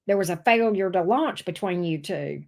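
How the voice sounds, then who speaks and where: A woman's voice: lowish voice, animated, moderate pace, vocal fry, darkish tone. A woman giving a casual tarot reading, blunt and sassy, swearing freely. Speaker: tarot reader.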